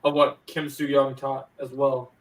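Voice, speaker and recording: A man's voice: mid-range voice, flat delivery, measured pace, low-quality recording. A man co-hosting a podcast, chatting casually and eagerly, with filler words and restarts. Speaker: podcast co-host. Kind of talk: casual chat.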